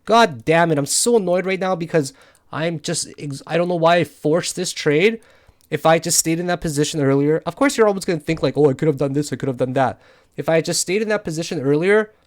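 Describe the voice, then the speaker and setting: A tired man giving live commentary on his trades, frustrated and swearing often as he thinks out loud. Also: a little high, a little fast. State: tired from no sleep. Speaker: crypto day trader. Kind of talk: live trading commentary over charts.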